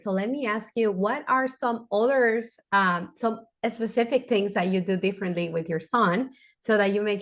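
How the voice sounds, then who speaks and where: A woman hosting a podcast interview, a native Spanish speaker, encouraging her guest with halting, restarting questions. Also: mid-range voice. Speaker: podcast host.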